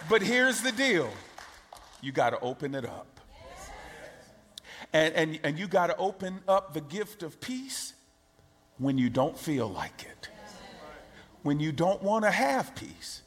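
A man's voice: a little high, a bit bright, in a large hall. A man preaching a sermon as pastor, emphatic and rhythmic, building through repeated phrases.

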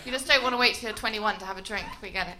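A woman's voice: medium pitch, very fast, a crowd in the background. An Irish woman trading teasing banter on a comedy panel in a live club.

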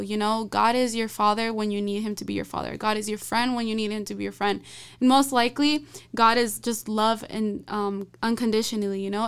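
A woman's voice: a little high, clean tone. A young woman sharing her thoughts in a casual faith discussion, hesitant and giggly, full of fillers.

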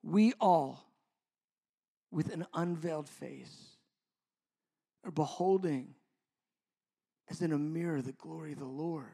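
A man in his fifties preaching a sermon as a pastor, moving from loud, drawn-out emphasis to hushed, near-whispered lines. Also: fairly high pitch, vocal fry, breathy edge. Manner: slow, drawn-out stresses on key words.

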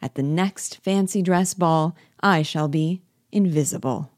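A wry, world-weary family doctor of a stage drama who speaks in measured, ironic turns, as a woman reader voices him. Low and close, with a dry sound. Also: darkish tone, dry recording. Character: Doctor Rank, an ironic, dying family friend.

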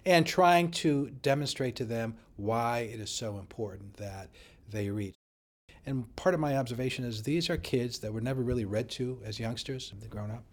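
A man working as a high school principal, answering interview questions in an emphatic, animated way. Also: normal speed.

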